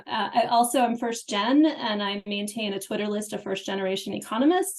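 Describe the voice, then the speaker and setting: Middle-aged woman with a gravelly edge. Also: mid-range voice. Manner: earnest and conversational. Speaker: panelist, professor. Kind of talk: webinar panel introduction. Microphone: video call.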